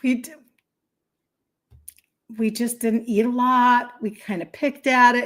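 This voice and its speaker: A woman's voice: a little high, level tone, slow, fairly bright tone. A woman in her fifties, a health coach hosting a livestream, telling a chatty story in a casual way and breaking off to thank viewers. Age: 50s.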